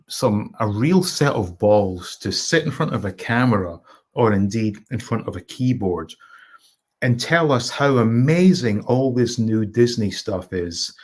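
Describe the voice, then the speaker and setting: Slow-talking man hosting a live stream. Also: medium pitch. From Scotland. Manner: reads chat messages aloud and greets viewers by name. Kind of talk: casual live-stream chat.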